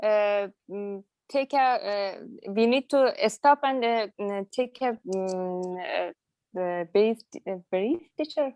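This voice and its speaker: A woman student with a Dari accent answering halting in an online English class, with many fillers. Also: medium pitch, darkish tone, smooth. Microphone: online class call.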